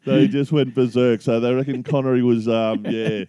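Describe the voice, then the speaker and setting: A middle-aged Australian man co-hosting a casual podcast chat, spinning a long yarn at an easy pace. His voice is mellow and dark, and the sound is dry and close. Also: mid-range voice, fairly even intonation, normal speed, smooth, no room sound. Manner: easygoing storyteller spinning a yarn. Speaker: podcast co-host.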